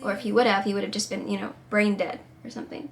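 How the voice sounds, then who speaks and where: A woman tells a painful personal story to camera, tearful and on the edge of crying, in halting, rambling sentences full of restarts. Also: medium pitch, fairly even intonation, gravelly, music in the background. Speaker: singer-songwriter vlogger.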